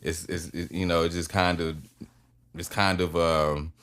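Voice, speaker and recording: A man's voice: low-pitched, level tone, unhurried, fairly bright tone. A man in his thirties, a podcast guest telling rambling anecdotes in a casual, profane way.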